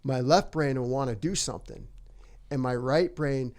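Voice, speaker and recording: Middle-aged guy chatting loose and rambly, middle pitch, kinda thinking out loud. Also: moderate pace. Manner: reflective, rambling, acts out his own past thoughts. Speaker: guest, singer-songwriter. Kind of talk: casual interview chat.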